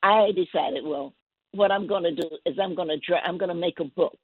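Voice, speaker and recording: A woman poet guesting on a call-in show, telling a story in a gentle, rambling way with many restarts. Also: on the low side, a little fast, husky, no room sound. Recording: tinny phone line.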